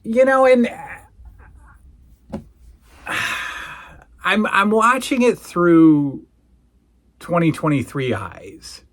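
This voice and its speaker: A man hosting a casual solo recap, telling the story in an animated way and acting out the quoted lines. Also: sits high, very slow, pauses often. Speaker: podcast host reviewing old wrestling shows.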